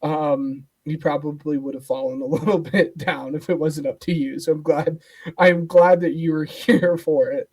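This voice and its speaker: A man's voice: on the high side, fairly even intonation, normal speed, darkish tone. A man co-hosting a football podcast in casual chat, hesitant and full of fillers. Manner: hesitant, lots of "like" and "um". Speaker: co-host.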